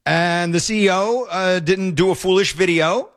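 Middle-aged guy hosting talk radio, kinda high voice, sarcastic and rambly. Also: moderate pace. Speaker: radio talk show host. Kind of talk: opinionated talk radio banter.

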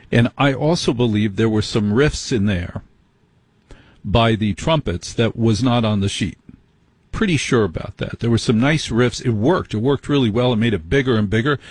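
A man's voice: mid-range voice, husky, no room sound. A middle-aged man hosting an overnight radio show, chatting casually with rambling, wry, self-deprecating asides. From United States. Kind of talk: casual late-night radio chat.

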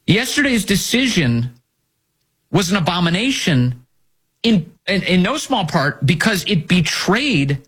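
A man hosting a commentary show, his voice slightly husky and higher than most. He swings his pitch widely as he hammers home indignant rhetorical questions. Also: fairly bright tone. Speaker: political commentary host. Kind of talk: opinionated commentary.

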